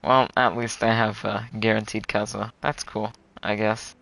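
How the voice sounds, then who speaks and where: A young man streaming a game live, chatting casually and groaning loudly when his luck turns bad. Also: on the low side, level tone, moderate pace, vocal fry, rough recording.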